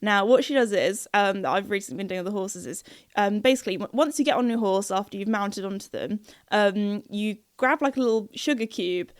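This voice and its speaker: A woman's voice: mid-range voice, brisk, no room sound. Chatty young woman, dry close sound. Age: young adult. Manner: chatty, lots of fillers and giggles. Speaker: podcast host. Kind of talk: casual chat.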